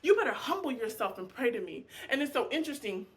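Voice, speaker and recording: Leading a casual Bible study, a woman with a slightly high voice talks fast and impassioned, acting out prayers and conversations and addressing the group familiarly as "y'all." The recording is very noisy.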